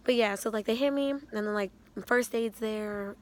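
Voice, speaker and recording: A young woman telling a casual storytime vlog, animated and slangy, often breaking into laughs. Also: on the high side, normal speed. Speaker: vlogger.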